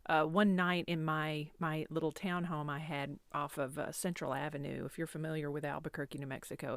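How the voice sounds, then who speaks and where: A woman's voice: low voice, creaky, fairly bright tone, dry recording, clean studio sound. A woman in her fifties telling a personal story as a podcast host, candid and self-deprecating, rambling with restarts. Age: 50s.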